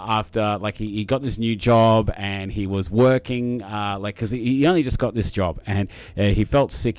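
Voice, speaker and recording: A man's voice: fairly low pitch, a little mellow, dry recording. A young man hosting a casual live stream, chatting to viewers in a rambling, matey way with lots of fillers and restarts. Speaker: livestream host reading chat.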